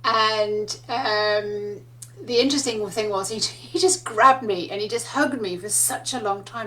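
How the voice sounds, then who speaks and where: A woman's voice: medium pitch, a little slow, bright, forceful tone, slight background noise. A woman giving a casual spiritual talk, telling stories in a chatty way and laughing often. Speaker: spiritual teacher.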